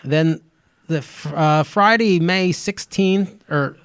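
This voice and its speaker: A man's voice: on the high side, takes it slowly, a bit bright, smooth, no room sound. A man co-hosting a podcast in a small studio, reading out upcoming events in a loose, joking way. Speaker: podcast co-host. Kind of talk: casual chat.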